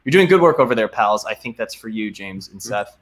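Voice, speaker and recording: Bright-voiced young man on a video call. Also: lowish voice, animated, a little fast. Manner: reads donor names with many ums and uhs, warm and grateful. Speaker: guest actor. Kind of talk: casual video-call chat.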